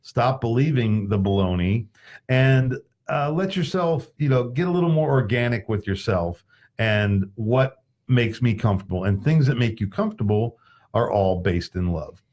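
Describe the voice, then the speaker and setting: A man's voice: mid-range voice, lively intonation, normal speed, a little mellow. A man in his late fifties hosting a casual talk show, rambling and folksy, with many fillers. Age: 50s. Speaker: podcast host. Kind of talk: casual chat.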